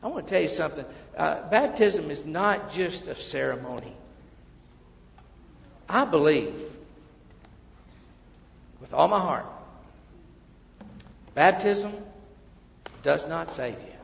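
Gravelly-voiced preacher in an echoey hall. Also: male voice, fairly high pitch, expressive, slow pace, long pauses. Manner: emphatic preaching, dropping to quiet asides. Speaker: pastor. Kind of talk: sermon. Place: church sanctuary. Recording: muffled, echoey church hall.

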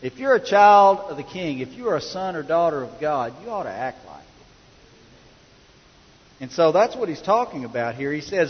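A middle-aged pastor preaching in a folksy, chatty way, telling stories in a fairly high voice. He is heard in a church hall with a long echo, and the sound is a little muffled. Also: big pitch swings, normal speed. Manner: folksy storytelling, conversational. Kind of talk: sermon.

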